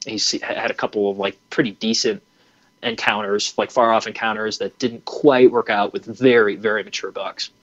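A man in his twenties telling a hunting story in a casual way, animated and full of fillers. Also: lowish voice, dry recording. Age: 20s. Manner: animated, acts out his own reactions, many fillers. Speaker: hunting program founder and podcast guest. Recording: dry, slightly dull lo-fi audio.

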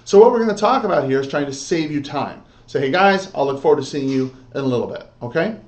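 A man's voice: fairly high pitch, lively intonation, quick pace, a little mellow, roomy sound. A man teaching real estate agents, coaching them through a sales script and often checking in with "okay?" and "all right?". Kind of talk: instructional talk with role-play.

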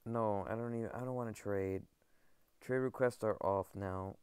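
A man giving excited gameplay commentary to his viewers. He stammers and repeats himself and keeps calling them guys. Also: fairly low pitch, normal speed, clear, resonant tone, dry recording. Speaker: gaming video creator.

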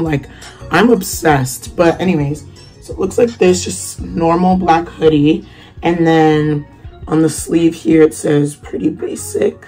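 A woman's voice: sits low, a little mellow. A young woman chatting casually to camera in a vlog at home, rambling with lots of fillers and restarts. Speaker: vlogger. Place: at home, indoors.

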